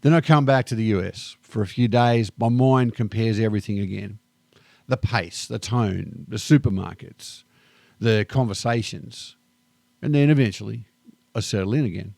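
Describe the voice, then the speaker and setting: A middle-aged Australian man with an Australian accent, reflecting calmly and thoughtfully in a personal vlog monologue. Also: on the low side, creaky, no echo. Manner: calm, unhurried and thoughtful. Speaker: vlogger.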